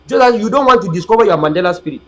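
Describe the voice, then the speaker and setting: A man's voice: sits high, lively intonation, very fast, a bit bright, poor audio. A man, hosting an online political channel in a rambling, preachy, emphatic livestream monologue to his viewers.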